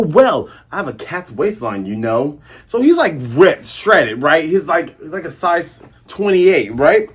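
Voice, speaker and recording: Animated man, husky voice, casual manga review host, excitable, acts out scenes. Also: fairly high pitch.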